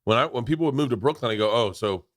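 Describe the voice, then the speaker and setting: A podcast host in casual chat, bantering in a loose, excitable, profane way. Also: male voice, medium pitch, racing, no room sound, studio quality.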